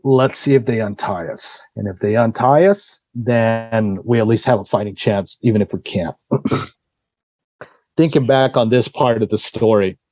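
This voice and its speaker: On a podcast, a male guest unwinds a lengthy, laid-back tale, animatedly voicing the people in it and swearing without restraint. He speaks unhurriedly in a lowish register, captured on a rough recording.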